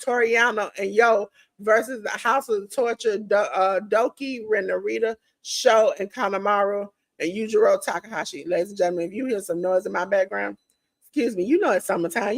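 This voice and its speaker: A woman hosts a relaxed wrestling preview podcast, talking straight to her audience and calling them ladies and gentlemen. Her voice is wearing thin and going hoarse, at an everyday middle pitch. The sound is dry and close, with no room echo. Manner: chatty, addresses listeners directly as ladies and gentlemen. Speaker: podcast host. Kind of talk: casual wrestling preview chat.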